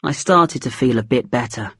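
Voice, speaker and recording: A woman reading a chapter book aloud in a measured, expressive storytelling manner. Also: a bass voice, husky, no room sound, studio quality. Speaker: audiobook reader. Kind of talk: scripted narration of a graded reader.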